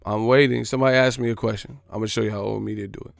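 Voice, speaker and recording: Gravelly, mocking man ranting live. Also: lowish voice, fairly even intonation, racing, no room sound. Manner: profane, mocking, repetitive. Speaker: host of a boxing live stream. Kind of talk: live-stream rant.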